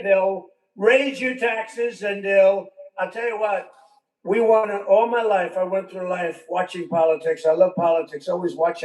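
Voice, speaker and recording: Rally speaker, older man, highish voice, roomy far-off mic sound. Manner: rambling, repetitive, with conversational asides. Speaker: politician giving a speech. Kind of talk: rally speech. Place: large venue with a crowd.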